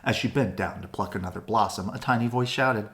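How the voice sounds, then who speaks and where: A woman gently and expressively reading a children's picture book aloud. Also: very deep voice, fairly quick. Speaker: storybook reader. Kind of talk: children's read-aloud narration.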